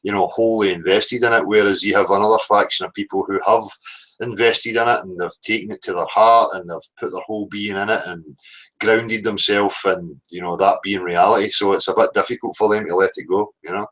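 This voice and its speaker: A man hosting a phone-in show, chatting in a relaxed way with frequent "you know"s. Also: lowish voice, fairly quick, poor audio. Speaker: host. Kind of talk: casual phone-in chat.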